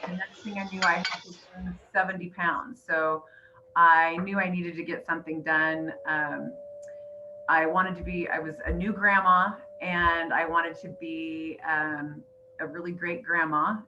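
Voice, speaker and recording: A woman's voice: fairly low pitch, level tone, unhurried, muffled recording, noisy background. A middle-aged woman and grandmother earnestly telling her personal story on a group call, teary and emotional. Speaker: weight-loss coach sharing her story. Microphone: online call.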